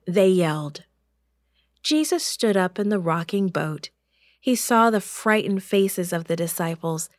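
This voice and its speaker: Woman, children's story narration, gentle and expressive, unhurried, dry studio sound. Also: medium pitch, dry recording.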